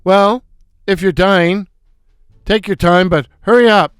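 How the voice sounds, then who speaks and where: A man voicing a gruff, bossy middle-aged male slapstick comedian who barks sarcastic insults. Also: high-pitched, slow, no room sound, clean studio sound.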